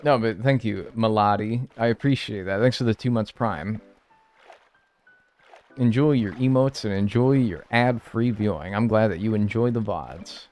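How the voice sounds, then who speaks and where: A man's voice: lowish voice, moderate pace, a little mellow, soft background music. A young man live-streaming, reading viewer messages and answering them in casual, joking banter with bursts of mock outrage.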